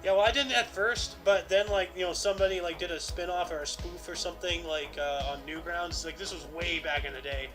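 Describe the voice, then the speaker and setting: A man's voice: high-pitched, steady tone, fairly quick, few pauses, low-quality recording. A man co-hosting a casual podcast, reading historical dates and rambling with lots of fillers. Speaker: podcast co-host. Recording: music playing underneath. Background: music.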